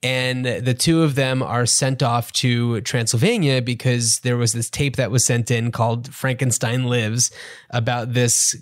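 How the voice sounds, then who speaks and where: A man's voice: medium pitch, no room sound, clean studio sound. A man in his thirties co-hosting a podcast, chatting casually and summarizing a movie with frequent fillers. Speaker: podcast co-host. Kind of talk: casual chat.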